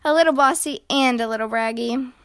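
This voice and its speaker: A woman voicing a quick-tempered young girl bear cub in a storybook, with lively, indignant outbursts. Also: sits high, smooth, no room sound. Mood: spirited.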